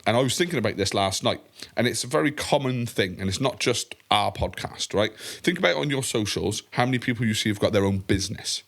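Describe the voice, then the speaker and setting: A man's voice: lowish voice, expressive, fairly quick, gravelly, few pauses, fairly bright tone. A man co-hosting a podcast, chatting casually, rambling and swearing a lot. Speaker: podcast co-host. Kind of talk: casual chat.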